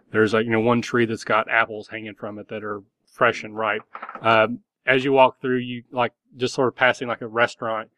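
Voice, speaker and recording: A man's voice: mid-range voice, fairly bright tone, no room sound. Rambling game master man, dry sound. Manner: loose and rambling, many fillers. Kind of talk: narrating a tabletop game.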